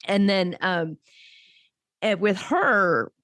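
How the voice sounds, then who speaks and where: A woman's voice: medium pitch, animated, drawn-out words, fairly bright tone, no room sound. A woman co-hosting a podcast in casual chat, rambling with frequent restarts and laughs. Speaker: podcast co-host.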